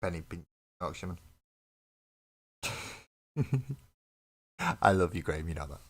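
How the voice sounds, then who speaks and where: At his home painting desk, a miniature painting streamer keeps up casual live-stream chat while he works. He's low-voiced, expressive and unhurried, full of rambling, joking, self-deprecating banter with chat, heard through a desk mic on his webcam stream.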